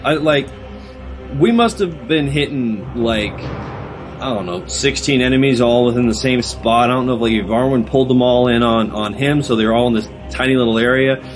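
A man's voice: medium pitch, moderate pace, faint music behind. A man co-hosting a casual gaming podcast, rambling through a story with lots of restarts. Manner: rambling, full of fillers and restarts while telling a story. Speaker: podcast co-host.

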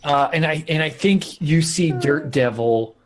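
A man's voice: a little high, measured pace. A young man narrating as game master, rambling with lots of filler likes.

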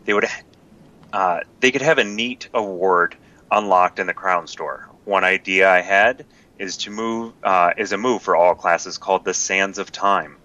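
Bright-toned man reading an email. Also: sits low, highs cut off. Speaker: guest co-host reading a listener email. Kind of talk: reading an email aloud on a podcast.

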